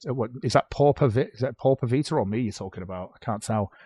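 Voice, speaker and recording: A man's voice: medium pitch, fast, mellow, breathy edge, dry recording, clean studio sound. A British man on a livestream, talking back at posts he reads aloud in a sarcastic, sweary way. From Britain. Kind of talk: casual livestream commentary.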